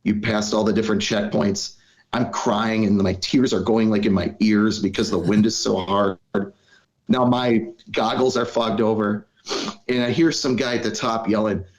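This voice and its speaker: A man's voice: on the low side, fairly even intonation, normal speed. A middle-aged man from Wisconsin, a podcast guest telling his own story in an earnest, reflective way with plenty of "you know" fillers. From Wisconsin, US Midwest. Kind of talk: personal storytelling in conversation. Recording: slightly dull, lo-fi audio.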